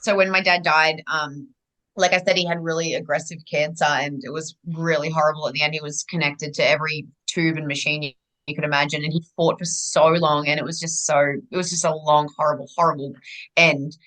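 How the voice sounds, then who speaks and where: A young woman talks as a guest in a relaxed chat. Her voice is bright and forward, sitting a little on the low side. She tells her story in an animated, rambling way, often stopping and starting again. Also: fairly quick, poor audio. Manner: rambling and animated, with many restarts. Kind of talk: casual conversational storytelling.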